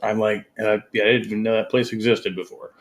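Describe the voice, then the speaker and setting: A man with a lowish voice hosts a casual stream. He talks in a loose, hesitant way and fills gaps with "um" and "like". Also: level tone, fast. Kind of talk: casual chat.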